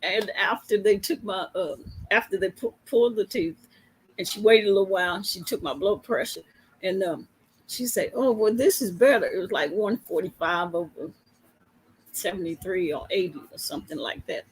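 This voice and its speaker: A woman's voice: mid-range voice, moderate pace, husky, rough recording. A woman police officer telling a casual story to camera, chatty and laughing often as she goes.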